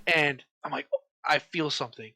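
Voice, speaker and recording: A young man co-hosting a casual podcast chat, telling stories in an animated way and acting out his own panicked quotes. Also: on the high side, moderate pace. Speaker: podcast co-host.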